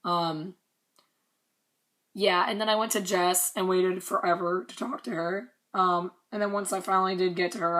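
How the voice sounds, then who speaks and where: A woman's voice: fairly low pitch, fairly bright tone. A young woman casually recounting a concert meet and greet, chatty, swearing and laughing often. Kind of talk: casual storytelling vlog.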